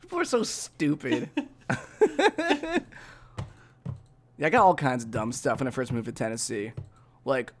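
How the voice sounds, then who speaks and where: Animated young man in casual banter. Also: mid-range voice, unhurried, pauses often. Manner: animated, self-mocking, calls listeners "dude" and "guys". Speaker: podcast co-host. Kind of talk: casual chat.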